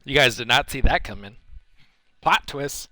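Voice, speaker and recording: A man's voice: medium pitch, moderate pace, pushed and bright, dry recording. A man livestreaming a video game, chatting casually, rambling and answering his chat as he plays. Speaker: gaming livestreamer. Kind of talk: casual chat over gameplay.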